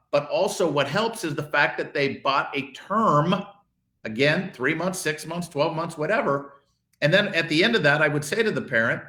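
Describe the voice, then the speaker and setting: Male co-host, bright forceful voice, pitched a bit high, persuasive coaching style. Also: roomy sound. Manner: emphatic, persuasive, acts out parent conversations. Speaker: show co-host, martial arts business coach. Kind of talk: coaching talk with sales role-play.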